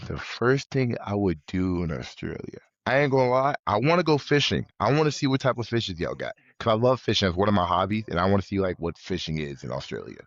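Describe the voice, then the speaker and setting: A young American man, a college football player, talking as a guest in a remote interview, relaxed and halting, often repeating himself. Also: fairly low pitch, dry recording, highs cut off. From United States. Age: young adult.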